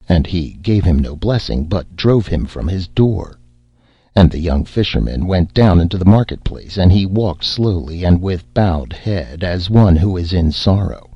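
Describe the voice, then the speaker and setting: A man narrating a classic fairy tale in a measured, expressive storytelling manner. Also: sits low, breathy edge, dry recording, dull audio. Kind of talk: storybook reading.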